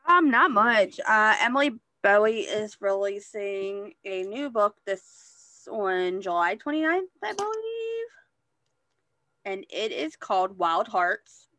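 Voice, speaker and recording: A woman's voice: medium pitch, slow pace, no room sound. A woman hosting a book podcast, chatting casually and keenly about new releases. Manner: relaxed, chatty, enthusiastic about books. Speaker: podcast host. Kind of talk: casual chat.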